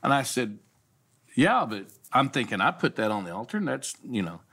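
A man's voice: mid-range voice, moderate pace. A middle-aged man, a pastor, telling a story in a casual talk show, acting out the people he quotes. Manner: animated storyteller, acts out quoted voices.

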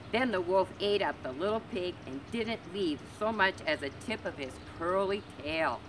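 A woman librarian reading a storybook aloud to children, gentle and expressive. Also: lowish voice, noisy background. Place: community library.

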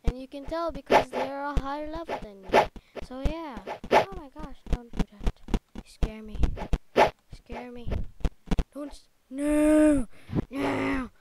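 A woman giving chatty, excitable commentary while playing a computer game at a desk microphone. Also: high-pitched, normal speed, very noisy. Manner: excitable, chatty, easily startled. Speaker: let's play host. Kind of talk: casual gameplay commentary.

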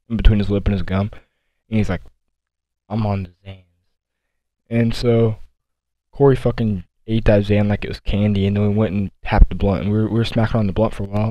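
Low mellow-voiced young man rambling. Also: no room sound, low-quality recording. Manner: rambling, profane, restarts and asides. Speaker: vlogger. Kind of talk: casual storytelling. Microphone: console headset mic.

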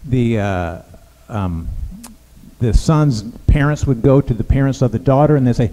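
A male pastor preaching a sermon in a conversational, halting way, with frequent restarts and fillers. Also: mid-range voice, expressive, dark tone, big-room sound, low-quality recording. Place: church sanctuary.

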